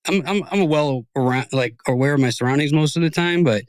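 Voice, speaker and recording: A man's voice: on the high side, fast, clear, resonant tone, no room sound. A young man, a podcast host, telling a rambling story in casual chat and swearing freely.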